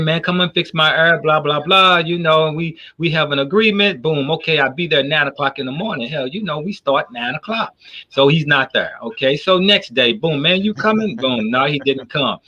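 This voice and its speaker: A man who runs a business, talking on a talk show in an animated, profane storytelling way. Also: on the high side. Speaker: business owner. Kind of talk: casual talk show discussion.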